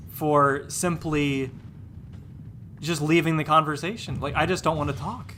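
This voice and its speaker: A male streamer talks casually over his gameplay with a bright, sharp-edged voice. He rambles, trips over repeated words, and sounds exasperated and dismissive. A faint hiss of noise sits under the voice. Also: on the high side, fairly even intonation, a little slow. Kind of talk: casual chat while live-streaming a game.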